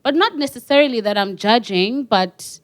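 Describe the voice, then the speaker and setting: South African woman, lively voice swinging up and down, animated podcast storyteller. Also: fairly high pitch, normal speed. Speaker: podcast co-host. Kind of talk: casual chat.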